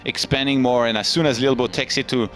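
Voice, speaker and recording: A man's voice: mid-range voice, fairly even intonation, brisk, fairly bright tone, soft background music. A man casting a live esports match, giving analytical play-by-play with dry jokes. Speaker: esports caster.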